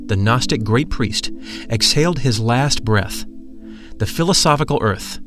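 Male narrator for a spiritual audiobook, solemn and measured, mid-pitched voice over faint music. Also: expressive, a bit bright.

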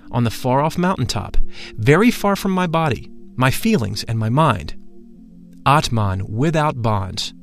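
Man, audiobook narration, measured and solemn, middle pitch, faint music behind. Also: gravelly.

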